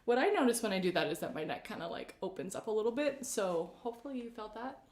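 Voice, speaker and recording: A woman vocal coach leading a live-streamed warm-up, speaking gently and encouragingly and greeting viewers by name. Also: mid-range voice, sing-song, fast. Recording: roomy echoey live-stream audio.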